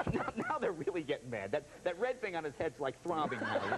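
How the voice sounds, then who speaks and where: A man telling a comic story as a talk show guest, animated and laughing, with lots of voices and sound effects. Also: fairly high pitch, fairly quick. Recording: noisy television studio audio.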